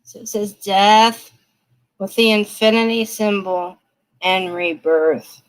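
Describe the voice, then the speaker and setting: A woman's voice: mid-range voice, slow pace, rough recording. A woman giving tarot readings on a live stream, chatting straight to her viewers and laughing often. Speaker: tarot reader.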